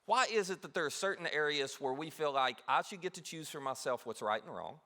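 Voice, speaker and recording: A man pastor preaching a sermon in a church, animated, acting out quoted voices. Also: a little high, a little fast. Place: church auditorium. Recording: long hall reverb.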